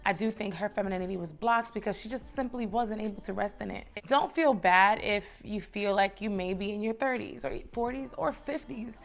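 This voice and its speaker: A woman's voice: mid-range voice, a little fast, vocal fry, hardly any pauses. Chatty New woman vlogging. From the Bronx, New York. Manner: chatty and encouraging, calls viewers baby and sis. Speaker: lifestyle vlogger. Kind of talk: casual direct-to-camera advice.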